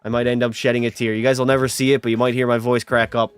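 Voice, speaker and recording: A man's voice: mid-range voice, level tone, very fast, smooth, faint music behind. A young man live-streaming a hockey video game, chatting and teasing his viewers as he plays. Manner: chatty, teasing, banters with chat.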